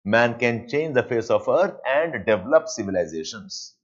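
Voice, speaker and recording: A man with an Indian English accent teaching a live online class, dictating points and repeating them slowly, with Hindi asides mixed in. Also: medium pitch, animated, lo-fi sound. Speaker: lecturer.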